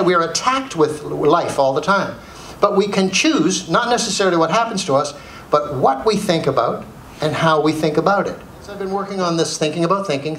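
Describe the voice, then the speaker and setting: A man giving a comedic motivational talk, animated, asking the audience questions and repeating key phrases. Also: fairly high pitch. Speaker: comedic speaker. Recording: echoey room, faint noise.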